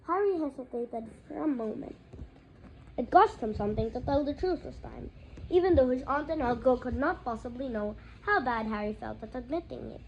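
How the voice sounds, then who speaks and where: A woman's voice: on the high side, expressive, fairly quick, slight background noise, poor audio. A woman reading a novel aloud, with occasional slips and restarts. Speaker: audiobook reader. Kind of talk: fan audiobook narration.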